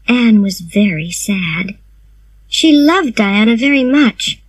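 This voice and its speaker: A woman narrates a learner's storybook at a slow, deliberate pace, her fairly high voice rising and falling expressively. She speaks clearly and carefully, and the recording is close and dry. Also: lively intonation, dry recording, rough recording. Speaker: reader. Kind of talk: graded reader narration.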